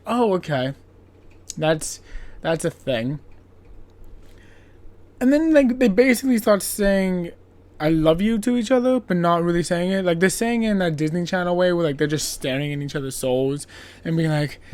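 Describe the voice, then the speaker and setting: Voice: medium pitch, lively intonation, brisk, a little mellow. A podcast host recapping an old film's plot in a casual, rambling way, full of filler words and playful sarcasm. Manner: playfully sarcastic, laughs at own jokes.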